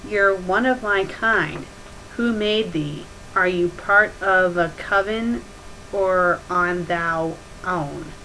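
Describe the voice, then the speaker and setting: A woman's voice: on the low side, sharp tone, a little hiss or hum, exaggerated voice, rough recording. Edward, a woman putting on a stiff old-fashioned vampire. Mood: stiff, formal. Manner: slow, stilted mock-old-fashioned speech. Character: archaic-speaking male vampire, stiff and smug.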